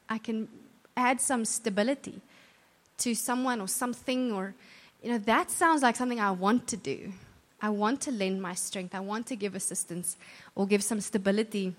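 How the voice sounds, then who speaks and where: A woman giving an earnest, conversational church talk, often restarting her sentences. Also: medium pitch. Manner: earnest, warm conversational preaching with self-corrections. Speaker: church speaker. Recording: long hall reverb.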